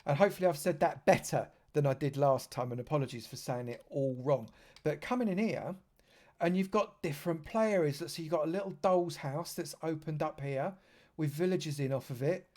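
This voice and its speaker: Effusive male game streamer, higher voice. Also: brisk, darkish tone. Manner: effusive, chatty, lavish with praise. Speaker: streamer touring a game server. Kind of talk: live gameplay tour commentary.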